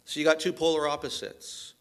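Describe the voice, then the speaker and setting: A man's voice: a little high, monotone, a little fast, a bit bright, clear, resonant tone. A man preaching an expository sermon as pastor, earnest and emphatic, with rhetorical questions.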